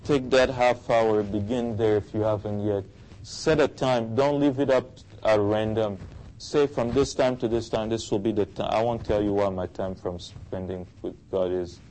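A man's voice: lowish voice, fairly even intonation, moderate pace, a little mellow, rough recording. A male pastor preaching an earnest sermon and leading fervent prayer.

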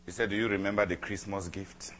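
A man preaching a sermon, telling a personal story with dramatic repetition and emphatic swings between loud and soft. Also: sits low, steady tone, fast talker, a little hiss or hum. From Cameroon. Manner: dramatic, repeats phrases for emphasis.

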